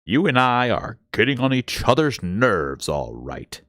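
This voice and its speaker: A man voicing a weary middle-aged scientist who mutters slowly to himself, read in a storybook style. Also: mid-range voice, sing-song, a bit bright, dry recording, studio quality.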